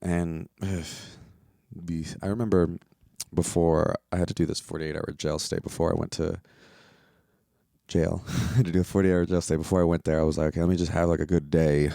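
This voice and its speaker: A young American man hosts his own podcast and rants in a loose, swearing, rambling way. His voice sits very low with a gravelly, fry-heavy edge. The recording is dry and close, with almost no room sound. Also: dark tone, dry recording. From United States. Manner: profane, rambling, exasperated. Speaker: podcast host. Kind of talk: casual solo podcast rant.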